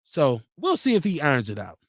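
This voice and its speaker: Host, man; casual stream chat, high-pitched and very lively, dry close mic. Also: a little fast, no echo. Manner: loose, animated, laughs often, acts out quotes. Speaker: host of a live talk stream. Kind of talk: casual chat, reading viewer comments aloud.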